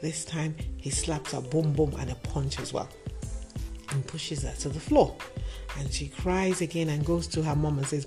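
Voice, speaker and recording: A woman's voice: low-pitched, fairly even intonation, moderate pace. A woman telling moral stories in a talk, emphatic and asking rhetorical questions. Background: background music.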